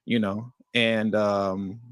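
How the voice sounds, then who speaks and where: A man hosting a livestream, reacting to news clips with animated, indignant commentary that slips into slang. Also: lowish voice, very slow, smooth, no room sound, studio quality. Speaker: livestream host.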